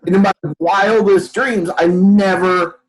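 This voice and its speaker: A man's voice: high-pitched, takes it slowly, low-quality recording. A man telling a story as a podcast guest, acting out other people's lines as he goes. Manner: animated storyteller, acts out quotes. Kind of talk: storytelling in a casual interview.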